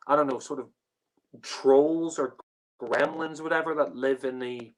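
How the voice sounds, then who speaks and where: A man's voice: mid-range voice, fairly even intonation, measured pace, poor audio. Rambling man giving a casual review. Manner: rambling, many fillers and restarts. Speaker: podcast panelist reviewing a TV story.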